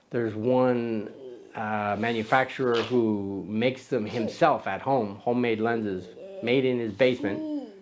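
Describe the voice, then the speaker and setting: A man with a mid-range voice hosts a photography vlog, talking casually to camera. He rambles and is self-deprecating, with many fillers and restarts.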